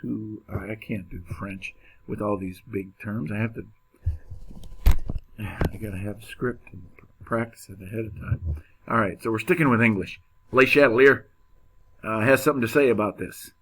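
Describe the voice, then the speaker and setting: A man's voice: lowish voice, moderate pace, fairly bright tone, breathy edge. A man teaching a chemistry lecture in a casual, joking way, with many fillers and restarts. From United States. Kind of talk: classroom lecture.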